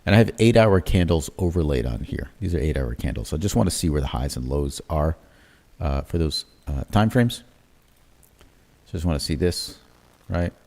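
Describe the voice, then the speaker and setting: The speaker is a man with a very deep voice talking at normal speed on a crypto trading livestream. Drawing on his charts, he works through his thoughts out loud in a relaxed, self-correcting manner, using many fillers and ending lines with "right?"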